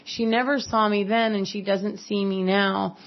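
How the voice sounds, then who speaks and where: A woman's voice: medium pitch, little pitch movement, unhurried. A woman from California giving a personal recovery talk, earnest and candid with wry asides. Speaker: speaker at a recovery meeting. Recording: slightly dull lo-fi recording.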